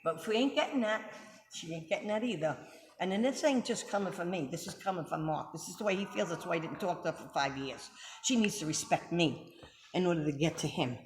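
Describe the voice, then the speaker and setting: A woman's voice: on the low side, a little fast. A middle-aged woman hosting a casual religious commentary, talking emphatically and firing off rhetorical questions to check you're following. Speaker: host. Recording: echoey room with background noise.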